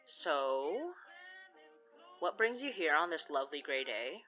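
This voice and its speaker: A woman's voice: sits low, very animated, takes it slowly, sharp tone, full character voice, poor audio. A woman playing a wry witch from the Philippines in an audio drama, teasing and dry, with faint music behind her.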